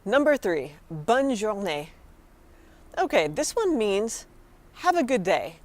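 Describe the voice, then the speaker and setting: A woman's voice: mid-range voice, sing-song, slow pace, dry recording. Chatty American woman vlogger, dry close sound. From United States. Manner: chatty and encouraging, addresses viewers directly. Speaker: vlogger teaching French phrases. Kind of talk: casual vlog lesson.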